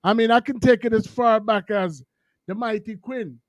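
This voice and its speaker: Man podcast host with a very high voice and short affirmations. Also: moderate pace, no room sound. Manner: agreeable, brief affirmations. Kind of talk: casual chat.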